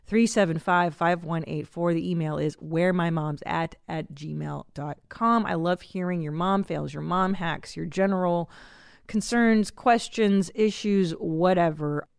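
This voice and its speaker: A woman's voice: fairly low pitch, measured pace, gravelly, clear, resonant tone, dry recording, studio quality. A woman in her forties hosting a podcast, chatting casually and self-mockingly with frequent laughter. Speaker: podcast host. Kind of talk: casual comedic monologue.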